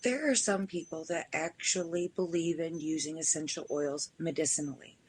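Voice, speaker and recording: A woman's voice: low voice, moderate pace, very noisy. A woman hosting a podcast in casual chat, telling stories and acting out the exchanges she describes. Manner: storytelling, acts out quoted exchanges. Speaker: podcast host.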